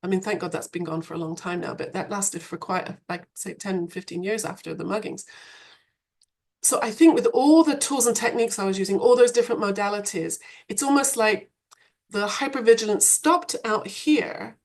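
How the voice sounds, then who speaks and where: A woman guest on a podcast, telling her story in an animated, reflective conversational way, laughing now and then. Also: medium pitch, moderate pace. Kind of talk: podcast interview.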